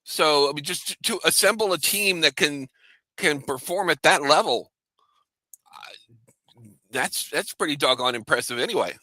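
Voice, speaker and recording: A man's voice: a little high, lively intonation, measured pace, pauses often, bright, forceful tone, no echo. A man on a sports talk panel, joking and teasing the others as he talks. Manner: wisecracking, teasing.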